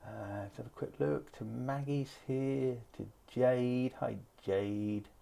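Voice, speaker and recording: Casting: male live-stream host, mid-pitched, chatty and rambling. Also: steady tone, takes it slowly, vocal fry, dark tone. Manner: chatty, greets viewers by name, rambling asides. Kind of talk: casual live-stream chat reading out viewer comments.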